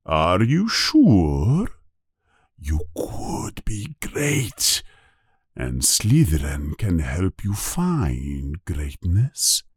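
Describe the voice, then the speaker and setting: A man reading a storybook aloud, voicing a wise old talking magic hat with a slow, drawn-out, musing manner and a low husky murmur. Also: wildly swooping pitch, dry recording, studio quality, heavily acted.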